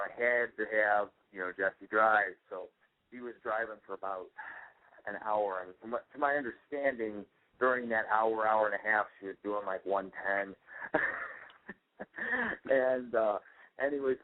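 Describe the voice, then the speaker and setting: A man's voice: medium pitch, normal speed. A young man, a wrestler, rambling and laughing through a casual phone interview. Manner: rambling, laughing often, many fillers. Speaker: wrestler guest. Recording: tinny phone line.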